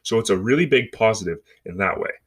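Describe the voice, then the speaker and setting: A man's voice: fairly low pitch, animated, quick pace, fairly bright tone, husky. A man in his twenties hosting a solo podcast, ranting with sarcasm and mockery in casual talk. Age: 20s. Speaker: podcast host.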